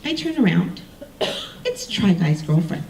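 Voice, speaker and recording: A woman telling a personal story on stage, animated and self-mocking, acting out the people she quotes. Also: fairly low pitch, measured pace, creaky. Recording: roomy sound from a distant mic with faint ambience.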